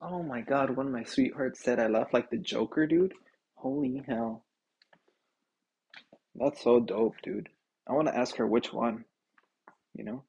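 A man's voice: medium pitch, measured pace, vocal fry, long pauses, slightly rough, muffled recording. A young man hosting a casual podcast, telling stories and ranting with lots of swearing, laughter and calling the listener dude. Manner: animated, swearing, laughing often, says dude a lot. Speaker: podcast host. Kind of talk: casual solo podcast rant.

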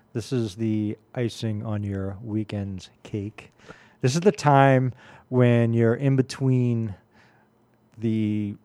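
A man's voice: mid-range voice, warm tone. A man in his late forties hosting a radio music show, telling stories in a rambling, casual way full of fillers. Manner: rambling storyteller, many fillers.

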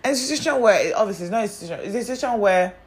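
A young woman tells stories in a casual, exasperated way. She often turns to address the listener directly, in a medium-pitched voice. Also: lively intonation, rapid-fire, husky. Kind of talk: casual storytime monologue.

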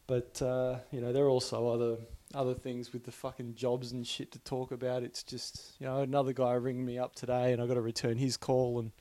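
A man's voice: medium pitch, monotone, fairly quick, few pauses, mellow. An Australian man ranting casually, profane and rambling, often restarting his sentences in exasperation. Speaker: podcaster. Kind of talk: casual rant.

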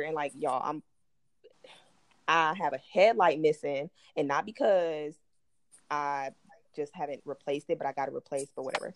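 Low-voiced woman telling a story. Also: moderate pace, pauses often, no echo. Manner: animated, profane, acts out quotes. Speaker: podcast co-host. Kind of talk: casual storytelling chat.

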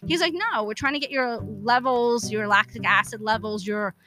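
Bright, profane woman telling a story. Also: fairly high pitch, normal speed. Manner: blunt, profane, acts out dialogue. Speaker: podcast host. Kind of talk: casual storytelling monologue.

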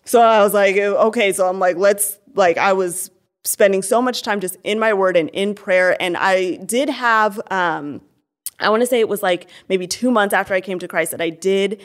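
Young woman, earnest and candid, mid-pitch conversational testimony. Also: moderate pace. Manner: earnest, candid, many fillers and restarts. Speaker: interview guest.

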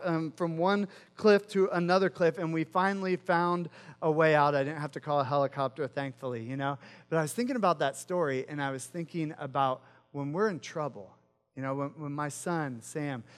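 A man's voice: high-pitched, a bit bright, big-room sound. A middle-aged man, a pastor, preaching a sermon through a casual, self-mocking personal story full of likes and you-knows.

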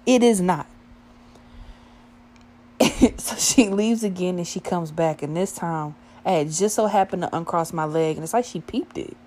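Young woman, kinda low voice, cussing nonstop telling a crazy club story. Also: moderate pace, slight background noise. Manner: profane, animated, acts out quoted dialogue. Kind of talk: casual storytime monologue.

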